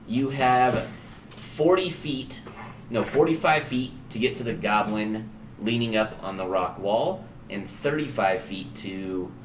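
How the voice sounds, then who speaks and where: A man's voice: mid-range voice, slow, a little hiss or hum. A man narrating as game master in a loose, filler-heavy, chuckling way. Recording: echoey room.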